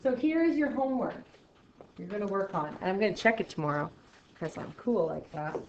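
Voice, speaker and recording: A woman's voice: mid-range voice, animated, brisk, a little hiss or hum. Woman, math teacher, classroom lesson, chatty and playful, echoey room, lo-fi sound. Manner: chatty and playful, jokey asides, swings between loud and quiet. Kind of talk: classroom lesson, talking to students.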